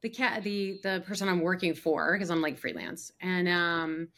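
A woman's voice: on the low side, normal speed, a bit bright. A woman who works as an actor and casting director, chatting casually on a podcast and telling stories with lots of fillers. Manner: chatty storyteller, many fillers and acted quotes.

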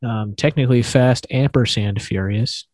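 A man's voice: mid-range voice, normal speed, a little mellow, dry recording. A man hosting a podcast over a video call, chatting casually with wry jokes. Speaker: podcast host. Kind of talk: casual chat. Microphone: own mic on a video call.

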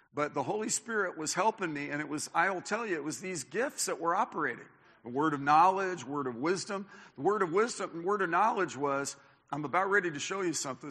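A male pastor preaching a sermon in a church, telling personal stories, acting out what people said, with many restarts. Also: fairly high pitch. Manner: animated storyteller, acts out quotes, many restarts. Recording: long reverb of a church hall.

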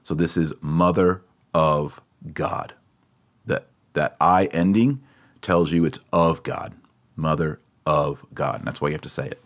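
A man with a very low voice gives a relaxed, chatty lesson on a Latin prayer. He patiently drills pronunciation, saying words slowly and more than once. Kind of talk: casual spoken lesson.

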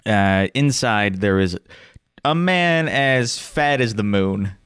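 A man game master narrating a tabletop game in a slow, descriptive way with pauses. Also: on the low side, lively intonation, heavy background noise.

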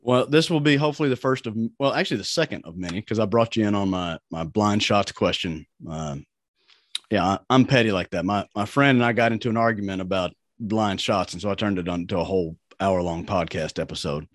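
A man's voice: fairly low pitch, brisk, no room sound, clean studio sound. Chatty podcast host man. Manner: chatty, trades his own anecdotes. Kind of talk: casual chat.

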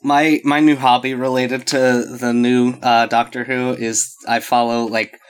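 A man's voice: mid-range voice, unhurried, smooth. A man co-hosting a podcast, chatting casually and making jokes. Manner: jokey, animated, does goofy voices. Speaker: podcast co-host. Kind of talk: casual chat.

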